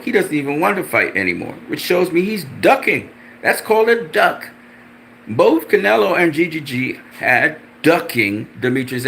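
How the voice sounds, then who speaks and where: A man's voice: vocal fry, slight background noise. A man angrily ranting about boxing, profane and repetitive, with mocking jumps in his voice. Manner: animated, mocking pitch jumps. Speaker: boxing commentator. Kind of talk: ranting commentary.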